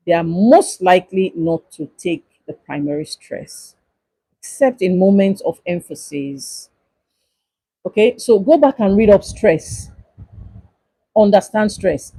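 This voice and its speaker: Lecturer, husky. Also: medium pitch, warm tone, no echo, rough recording. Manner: repetitive, emphatic instructions to students. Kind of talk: exam-review livestream lecture.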